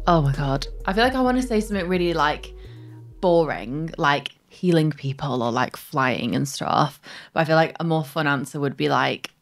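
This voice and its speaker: Giggly fast-talking Mancunian woman. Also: deep voice, expressive, faint music behind. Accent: Mancunian English. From Manchester, England. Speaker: guest, social media agency founder. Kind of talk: casual interview chat.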